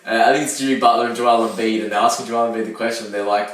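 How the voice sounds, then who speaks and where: A man's voice: medium pitch, rapid-fire, slight background noise. Young man, echoey room. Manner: animated storyteller, laughing often. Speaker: podcast co-host. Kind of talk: casual chat. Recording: echoey room, distant mic.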